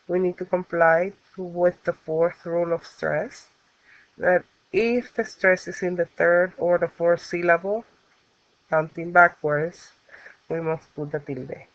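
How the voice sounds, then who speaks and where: A woman's voice: fairly low pitch, steady tone, takes it slowly, dry recording. A woman teaching a Spanish grammar lesson, explaining the rules step by step with patient fillers. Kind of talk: recorded classroom lesson. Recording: dull lo-fi recording.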